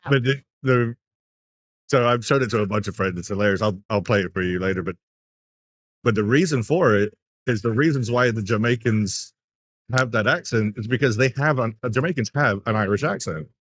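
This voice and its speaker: English-born male commentator, mid-pitched, chatty and quick to laugh, dry close mic. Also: fairly bright tone, dry recording. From England. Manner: chatty storyteller, laughs often. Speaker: pool stream commentator. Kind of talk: casual commentary chat.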